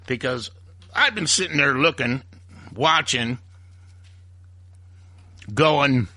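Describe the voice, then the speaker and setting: Man, talk radio host, ranting, bright husky voice, swooping pitch. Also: lively intonation, slow pace, no echo. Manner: ranting, heated, acts out quoted voices. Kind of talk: opinionated talk radio monologue.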